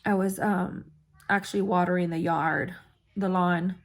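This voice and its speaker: A woman's voice: on the low side, fairly even intonation, unhurried. A woman vlogger candidly recounting her own life story, with frequent fillers and blunt swearing. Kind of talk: personal storytelling.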